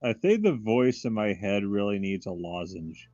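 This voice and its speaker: Man voicing a dry, low-pitched wisecracking adventurer for a tabletop game; deadpan delivery, dull dry recording. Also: normal speed, dry recording. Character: dry-witted adventurer Trixie.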